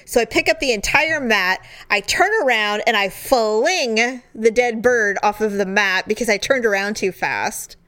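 A woman's voice: measured pace, few pauses. A woman in casual chat, telling a funny story with lots of laughter and squealed, acted-out quotes. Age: adult. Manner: animated, laughing, acts out quotes in high squeals.

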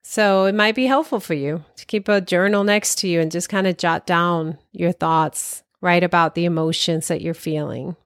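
A woman's voice: lowish voice, moderate pace, hardly any pauses, clear, resonant tone, no echo, studio quality. A woman talking directly to the listener with self-care advice, encouraging and often laughing lightly. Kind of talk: casual advice talk.

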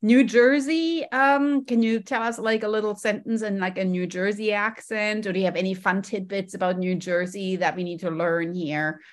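An upbeat woman hosts a podcast interview, talking casually with plenty of ums. Her pitch sits in the middle range. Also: fairly even intonation, moderate pace, hardly any pauses. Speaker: podcast host.

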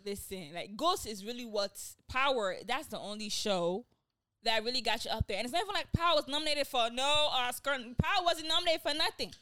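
A woman's voice: a little high, expressive, fairly quick, bright, forceful tone, no room sound, clean studio sound. A woman co-hosting a casual chat show, gossiping and mockingly reading posts aloud. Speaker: podcast co-host.

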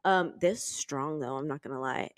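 A woman co-hosting a podcast in casual chat, her voice throaty today, talking fast with lots of laughs. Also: low-pitched, no room sound, clean studio sound. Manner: chatty, laughs often, says freaking a lot. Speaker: podcast co-host. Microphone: studio microphone.

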